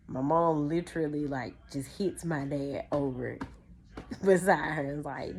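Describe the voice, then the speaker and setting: A young woman, hosting a podcast and telling a childhood story in a casual, animated way, often calling her listeners "y'all". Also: low-pitched, normal speed, breathy edge. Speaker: podcast host.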